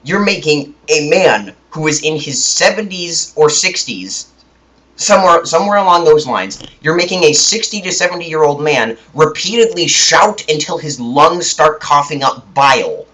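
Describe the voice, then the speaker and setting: A young man rants with mock indignation and keeps restarting his sentences, his voice a little higher than most men's. His delivery rambles in an unscripted, casual way. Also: animated, normal speed, bright, forceful tone, poor audio. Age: young adult. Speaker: gaming video creator. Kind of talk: ranting commentary.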